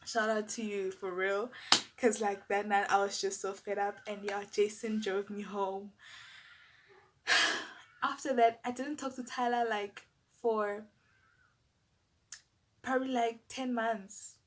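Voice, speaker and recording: A young South African woman telling a personal story to camera in a casual, animated, exasperated way. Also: mid-range voice, measured pace. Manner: animated, exasperated, lots of fillers and asides to viewers.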